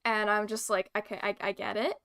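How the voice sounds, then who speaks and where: Bright, smooth-voiced young woman chatting. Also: mid-range voice, level tone, fairly quick. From British Columbia, Canada. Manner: chatty, rambling with many fillers and laughs. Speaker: guest. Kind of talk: casual chat.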